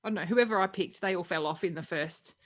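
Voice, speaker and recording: A woman's voice: lowish voice, quick pace. A woman co-hosting a podcast, telling stories in a rambling, self-deprecating way. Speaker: podcast co-host. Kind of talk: casual chat.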